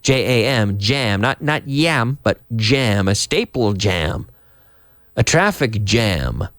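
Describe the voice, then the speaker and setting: A man's voice: lowish voice, big pitch swings, slow, fairly bright tone, no echo, clean studio sound. A middle-aged man from Canada teaching English to Spanish speakers, acting out example sentences with big, exaggerated question intonation.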